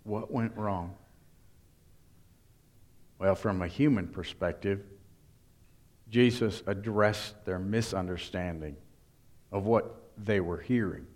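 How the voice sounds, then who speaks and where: A man preaching a sermon, emphatic and deliberate, now and then voicing what the crowd thinks. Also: fairly low pitch, a little mellow. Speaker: pastor.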